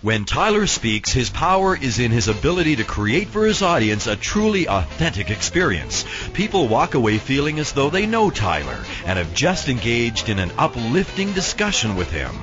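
A man's voice: mid-range voice, big pitch swings, moderate pace. A man reading a scripted promotional voice-over in an upbeat, persuasive way. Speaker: promo announcer. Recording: dull lo-fi with music bed.

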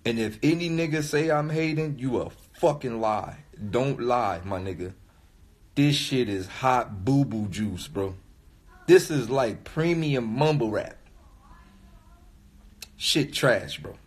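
A man's voice: mid-range voice, expressive, unhurried, a little mellow, breathy edge. A man who raps, talking into his phone on a livestream in a rambling, profane rant that repeats itself for emphasis. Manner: repetitive, emphatic, swears often. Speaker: rapper livestreaming to followers. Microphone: phone mic on a live stream.

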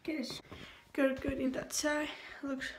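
A woman's voice: high-pitched, little pitch movement, unhurried. A young woman whose first language is Spanish, murmuring casual asides to her vlog while she cleans. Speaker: vlogger. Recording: distant, echoey, noisy room recording.

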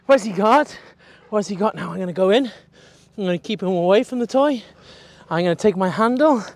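A young man, a dog trainer explaining his work in an energetic, chatty way with casual swearing. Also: high voice, moderate pace, a little hiss or hum.

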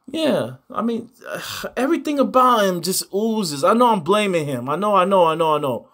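A man's voice: high-pitched, very animated, normal speed, fairly bright tone. A young man hosting his own boxing channel, talking in a loose, profane, rambling way and repeating himself, swinging between mock outrage and laughter. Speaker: host of a boxing news channel. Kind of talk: casual reaction commentary.

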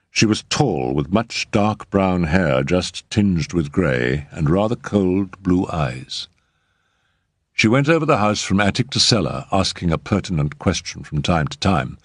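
Deep husky guy reading an old short story, lively delivery, dry sound. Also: no echo. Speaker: narrator. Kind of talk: audiobook narration.

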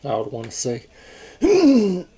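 A man talking casually and haltingly as he reviews a coin, stopping to correct himself. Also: sits high, wildly swooping pitch, dark tone, husky. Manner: slow, halting, unsure talk with fillers and self-corrections.

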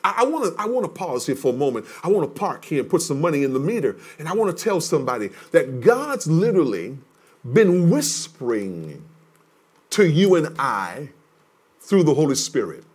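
A male pastor preaching a sermon, emphatic and repetitive, dropping from loud declarations to hushed words. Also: a little high, sing-song, normal speed, breathy edge. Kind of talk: livestreamed sermon teaching.

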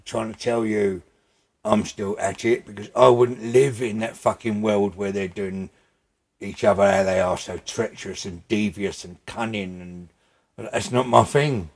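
An older man, gravelly and husky, speaking bluntly and emphatically in a casual interview at his home, swearing freely. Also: lowish voice, fairly even intonation, unhurried. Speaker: interview guest.

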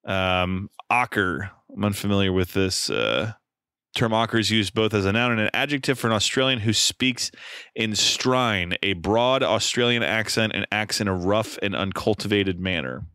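A man's voice: fairly low pitch, normal speed, bright, forceful tone, smooth, dry recording, studio quality. A man co-hosting a casual film podcast, chatting and reading out a plot summary. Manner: conversational, reads plot summary aloud. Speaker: podcast co-host.

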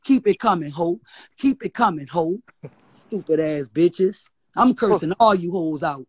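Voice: medium pitch, animated, measured pace, breathy edge, no room sound. A guest with a New Orleans accent ranting on a live stream, profane, defiant and mocking, repeating insults. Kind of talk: heated live-stream rant.

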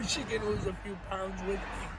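Brief: high-pitched male vlogger, profane rambling car monologue, traffic noise outside. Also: level tone, normal speed, poor audio. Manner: profane, rambling, laughs at his own jokes. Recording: outdoor traffic noise behind.

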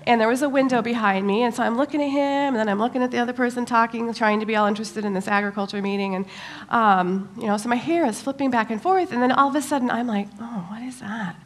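A middle-aged woman giving a church talk, telling a personal story in an animated way, with many pauses and fillers. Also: fairly high pitch. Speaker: church speaker.

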